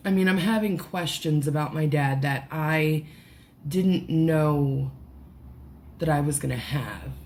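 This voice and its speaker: A woman vlogging, close to tears, talking haltingly with many restarts and swear words, through a headphone mic at home. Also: low-pitched, a little mellow. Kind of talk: emotional personal vlog.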